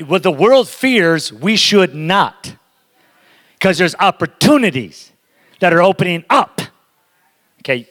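A man with a high, fairly bright voice delivers a sermon as a guest preacher in a church sanctuary. He's emphatic and speaks straight to the congregation, with the long reverb of a large hall around him.

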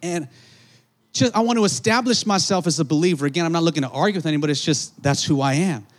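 A man preaching a sermon, telling a story in an animated way, acting out the voices of others and calling out to the congregation. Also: on the high side, fast. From Southern California. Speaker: pastor.

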